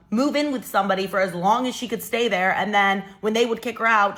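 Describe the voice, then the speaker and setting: A young adult woman telling a story in a casual, animated and exasperated way. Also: mid-range voice. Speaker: storytime creator.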